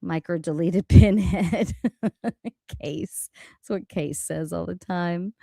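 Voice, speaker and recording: A woman's voice: lowish voice, steady tone, takes it slowly, gravelly, mellow, no room sound. A woman hosting a casual livestream, ranting bluntly with lots of swearing and laughter, reading out chat comments. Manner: profane, blunt, laughing often. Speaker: livestream host. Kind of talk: casual live-stream rant.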